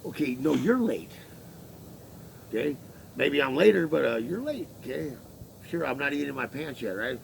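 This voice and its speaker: A man's voice: mid-range voice, very animated, moderate pace, gravelly, long pauses, slight background noise, rough recording. A man venting a long story in casual, profane, rambling talk, acting out what was said back and forth. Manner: profane, rambling, acts out quoted exchanges. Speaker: laborer telling his story.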